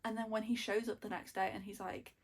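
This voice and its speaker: A young woman, chatting excitedly about books in a casual reading vlog, gushing and repeating herself. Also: mid-range voice, a little fast. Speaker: book vlogger.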